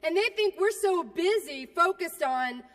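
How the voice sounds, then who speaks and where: A woman giving a fiery keynote speech at a union rally, profane and combative, swinging between quiet asides and shouting. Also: very high voice, expressive, a little slow. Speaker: keynote speaker. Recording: long hall reverb.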